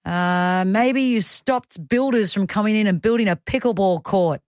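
A woman's voice: mid-range voice, moderate pace, a little mellow, dry recording, clean studio sound. A woman in her thirties with an Australian accent, hosting talkback radio in a chatty way with self-deprecating asides. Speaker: radio host.

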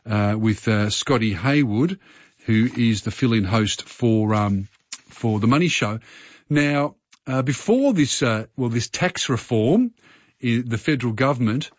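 A man's voice: medium pitch, slightly rough, no room sound, highs cut off. A man hosting a radio show from a studio, talking loosely with many fillers. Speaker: radio host. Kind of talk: casual radio talk.

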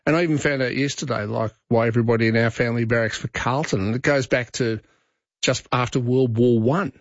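A man's voice: medium pitch, steady tone, fast, vocal fry, no echo. A middle-aged Australian man hosting talkback radio, chatting in a rambling way with restarts. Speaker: radio host. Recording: dry, slightly dull studio sound.

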